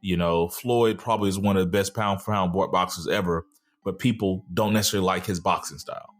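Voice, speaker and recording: A man co-hosting a podcast with his brothers, telling stories in a laid-back, drawn-out way with many fillers. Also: low-pitched, fairly even intonation, faint music behind. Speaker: podcast co-host. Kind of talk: casual chat.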